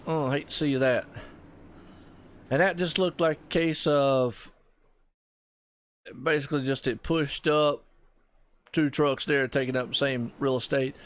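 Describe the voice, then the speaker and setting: A man's voice: medium pitch, steady tone, a little slow, long pauses, a bit bright. A man with a Southern US accent doing laid-back, folksy play-by-play commentary on a sim racing broadcast. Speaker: race commentator.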